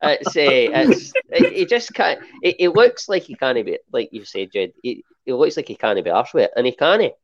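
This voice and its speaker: A man's voice: mid-range voice, big pitch swings, normal speed, hardly any pauses. A Scottish podcast regular talks bluntly in a casual football chat and laughs easily. His recording comes through dull and muffled. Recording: dull lo-fi sound.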